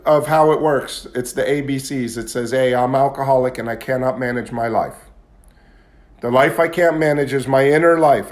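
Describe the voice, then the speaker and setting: A man giving a candid, confessional talk at a recovery meeting, at times building into agitated intensity. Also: medium pitch. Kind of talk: personal testimony talk.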